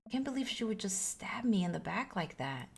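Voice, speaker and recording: A woman's voice: mid-range voice, sing-song, a little fast, vocal fry, slight background noise. A woman reading the lines of an upset teenage girl from a video game, rambling, hurt and exasperated. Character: upset teenage girl venting about friends.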